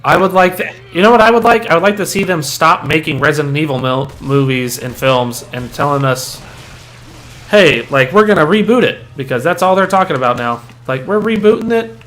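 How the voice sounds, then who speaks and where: A man's voice: a little high, lively intonation, brisk, a bit bright. A man co-hosting while he plays, chatting casually and swearing at the game. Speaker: co-host playing the game. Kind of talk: casual gameplay chat.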